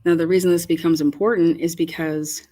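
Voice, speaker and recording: Woman, lowish voice, casual rambling commentary, swears a lot, incredulous. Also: level tone, brisk, warm tone. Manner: rambling, profane, incredulous storytelling. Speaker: commentator on footage. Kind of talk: casual commentary over video.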